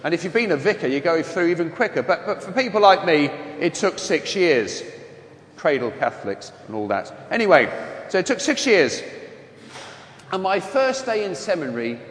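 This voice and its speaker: A man's voice: high-pitched, very animated, normal speed, a bit bright. A man with a mild London accent, a Catholic priest giving a homily full of humorous, self-deprecating stories from his own life. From London, England. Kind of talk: homily with personal storytelling. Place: church. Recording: echoey church with long reverb.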